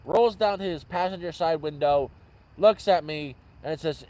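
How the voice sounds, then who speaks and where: A man's voice: on the high side, measured pace, a little mellow, rough recording. A man vlogging from an outdoor camp at night, telling rambling stories and often correcting himself mid-sentence. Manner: rambling, self-correcting storyteller. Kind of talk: casual storytelling livestream.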